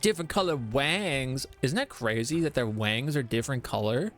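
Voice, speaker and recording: A man streams a game and chats casually, explaining the lore at length with plenty of fillers. He reads viewer messages aloud and greets viewers. His mid-range voice is animated and moves at a normal speed, with soft music in the background.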